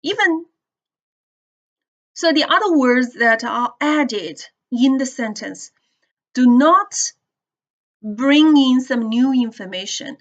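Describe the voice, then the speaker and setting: Woman, English teacher, classroom lecture, slow deliberate delivery, muffled lo-fi sound. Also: fairly high pitch.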